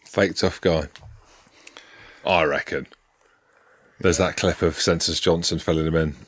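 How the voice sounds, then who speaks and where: Male podcast host, very low voice, blunt banter, dry close mic. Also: fairly even intonation, unhurried, no room sound. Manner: short probing questions, blunt banter. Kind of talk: casual interview chat.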